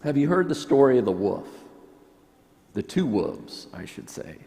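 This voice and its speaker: Slow-spoken priest in reverberant church. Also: male voice, mid-range voice, very animated, gravelly. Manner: earnest and reflective, drops to soft quiet tones. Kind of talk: sermon.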